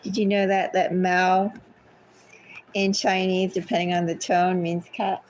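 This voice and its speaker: A woman's voice: on the low side, monotone, measured pace, darkish tone, a little hiss or hum, low-quality recording. A woman giving a casual tarot reading at home, chatty and easily sidetracked. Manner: chatty, easily sidetracked, talks to her cats. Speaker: tarot reader. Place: home with cats.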